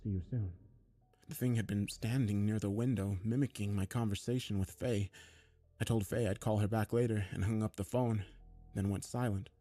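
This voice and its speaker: A man narrating a first-person horror story in a steady, low-key way. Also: normal speed, no room sound, soft background music.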